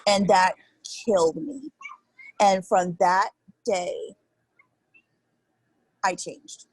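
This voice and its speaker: A woman's voice: mid-range voice, drawn-out words, no room sound, low-quality recording. A woman in her thirties, an interview guest telling a candid personal story in an earnest, emotional, rambling way.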